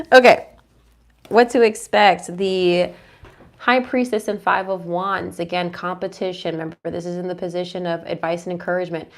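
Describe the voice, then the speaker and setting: A young adult woman giving a casual, reassuring tarot reading who murmurs her questions to the cards. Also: medium pitch. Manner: chatty, reassuring, asks the cards aloud in a murmur. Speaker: tarot reader.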